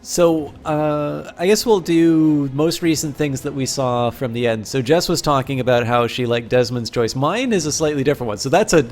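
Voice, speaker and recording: A man's voice: on the high side, moderate pace, hardly any pauses, a little mellow. Rambling male streamer, long winding sentences. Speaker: live streamer. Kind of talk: casual live-stream chat.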